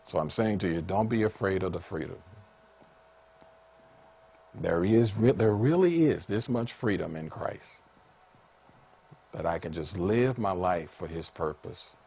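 Animated preacher man with a low voice. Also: unhurried, creaky, pauses often, breathy edge. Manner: animated, laughs often, rising to high excited calls. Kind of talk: sermon.

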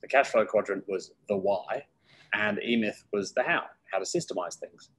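A middle-aged man, a guest in an interview, telling stories from his career in a lively way and acting out the voices of people he quotes. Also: lowish voice, moderate pace, low-quality recording. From United Kingdom. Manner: lively storyteller who acts out quoted voices. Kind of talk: casual interview storytelling.

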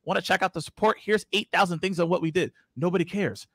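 A man with a slightly high voice coaches a sales crowd at a quick, excited clip. He laughs often and talks straight to the audience. The sound is dry and close, with no room in it. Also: breathy edge, no echo. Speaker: webinar host. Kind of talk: energetic sales coaching talk.

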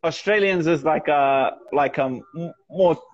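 A man's voice: on the high side, measured pace, dry recording, lo-fi sound. A man with a New Zealand accent, a guest on a chat show, answering in an easygoing way with dry humor. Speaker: guest fighter. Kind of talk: casual interview chat.

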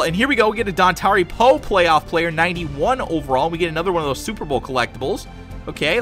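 A young man, a gaming YouTuber, commenting on card pack openings in a casual, excited way and shouting with joy at big pulls. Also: fairly high pitch. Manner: hyped, exclaims loudly at big pulls; casual, says dude and guys a lot.

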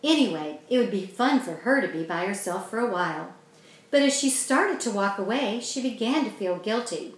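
A woman's voice: mid-range voice, expressive, normal speed. Woman reading a story aloud in echo. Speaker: author reading her children's story. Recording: very echoey room.

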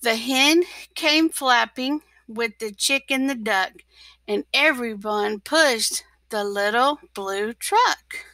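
A teacher reads a storybook aloud to young children, very slow and full of expression, now and then dropping into a whisper. Her voice is bright and fairly high, picked up close in a dry room. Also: dry recording.

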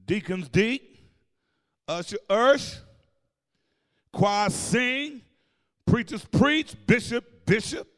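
Man, pastor, sermon, very high voice, call-and-response, long church reverb. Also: lively intonation, slow pace, pauses often. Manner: call-and-response preaching, shouting and singing phrases. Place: church sanctuary.

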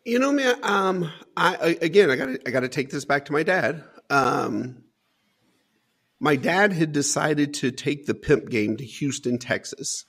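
A man's voice: a little high, animated, a little slow, fairly bright tone. A man as an interview guest, telling a personal life story in an earnest, emphatic way with frequent "man" asides.

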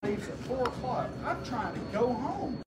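A man's voice: extremely high pitch, big pitch swings, measured pace, heavy background noise. A man, from Texas, ranting angrily and profanely at airport staff, stammering and repeating himself. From Texas, United States. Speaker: stranded airline passenger. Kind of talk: angry public rant. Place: busy airport terminal. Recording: roomy, distant phone video in a loud terminal.

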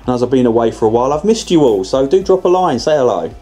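A man's voice: medium pitch, lively intonation, fast, dark tone, slightly rough, faint music behind. A man narrating a scale-model tutorial in a casual, chatty way, often restarting and correcting himself as he explains. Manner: rambling, chatty, self-correcting, with many restarts.

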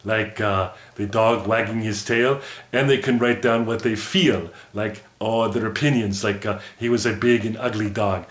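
A man's voice: on the low side, fairly even intonation, normal speed, echoey room, lightly acted. A man voicing an eager, polite puppy puppet in a classroom lesson video. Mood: cheerful. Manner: polite, eager, a bit formal. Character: puppy mascot "Math Mud", eager male dog puppet.

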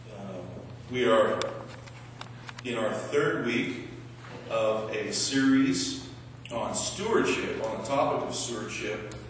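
A man preaching slowly, pausing often with fillers as he works through his sermon. His voice sits at a middle pitch. He is heard from a distance in a big, echoing church with long reverb and a faint hum behind him. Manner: slow, halting delivery with many fillers. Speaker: pastor. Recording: echoey church hall, mic far off.

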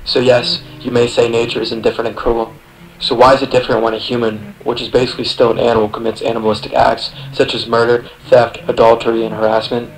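Young male narrator, mid pitch, dry sardonic read, addresses the listener directly, swears freely. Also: low-quality recording. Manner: sardonic, profane, second-person address. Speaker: video essay narrator. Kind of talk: scripted voice-over narration.

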